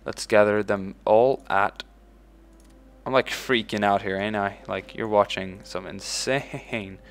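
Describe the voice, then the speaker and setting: A man commenting casually on his own strategy game playthrough, swearing freely, bursting out with "boom" and ordering his in-game troops around. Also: slow. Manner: excitable, swears casually, shouts "boom" when giving orders; talks to in-game units as if they were his troops. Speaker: let's play host.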